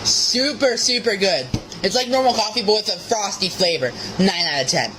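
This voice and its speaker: A food-review vlogger voice, upbeat and brisk as she hands out quick scores. The clip carries a clear layer of background noise and ambience under her. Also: medium pitch, animated. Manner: upbeat, rating items out of ten.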